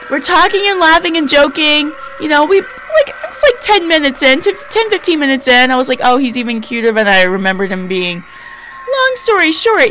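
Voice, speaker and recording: Chatty woman podcast host, hushed spooky tone. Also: slight background noise, low-quality recording. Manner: lowered spooky storytelling voice; chatty, filler-heavy, emphatic. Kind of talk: casual storytelling.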